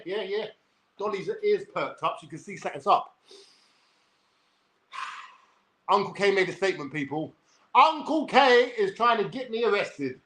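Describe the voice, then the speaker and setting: A man's voice: high voice, a bit bright. A young man with a London accent telling a rambling, sweary story on a livestream in a brash way.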